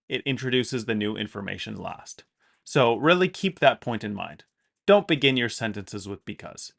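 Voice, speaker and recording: A man teaching an English grammar lesson, explaining with clear emphasis and repeated example sentences. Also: medium pitch, fairly bright tone.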